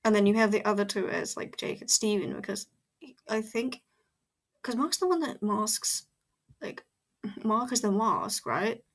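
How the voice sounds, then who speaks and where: A woman giving casual reaction commentary, excitable and rambling, full of fillers and exclamations. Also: mid-range voice, unhurried, long pauses. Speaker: reaction video host.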